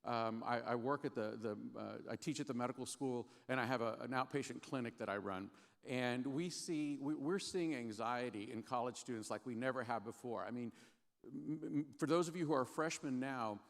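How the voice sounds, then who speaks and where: A man giving an earnest, halting chapel sermon with frequent restarts. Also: medium pitch, vocal fry. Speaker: guest chapel speaker. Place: large chapel hall. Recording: long hall reverb.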